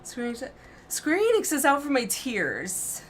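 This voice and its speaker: A young adult woman streaming a game, reacting out loud and talking herself through tense moments. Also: high voice, huge pitch swings, unhurried, slight background noise. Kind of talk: emotional let's-play reaction.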